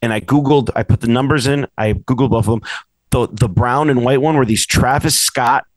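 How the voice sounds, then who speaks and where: A male podcast host who rambles his way through stories in easy, casual chat. His voice sits at an ordinary middle pitch for a man. The sound is dry and close, with no room behind it. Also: fairly quick, no echo, low-quality recording. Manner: rambling, chatty.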